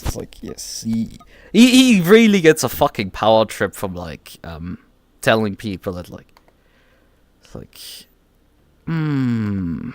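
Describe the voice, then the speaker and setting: A man's voice: on the low side, very animated, slow pace. A man streaming live, ranting in a casual, exasperated way, swearing often and stumbling over restarts. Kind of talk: casual livestream rant.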